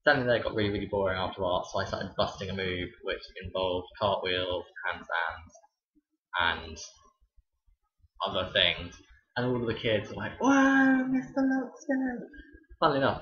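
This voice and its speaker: A young man tells teaching stories in a wry, chatty way. His voice sits low. The recording is dull and roomy, with echo from bare walls. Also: steady tone, fairly quick, a bit bright. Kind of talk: casual storytelling vlog.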